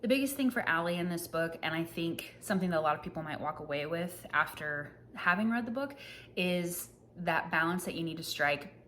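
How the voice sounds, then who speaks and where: A chatty woman in her thirties talks through her monthly reading wrap-up with a slightly low voice. She pokes fun at herself and laughs at her own slips. A faint hiss of background noise sits under the recording. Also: expressive, fairly quick, sharp tone. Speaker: book reviewer. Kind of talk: casual book wrap-up chat.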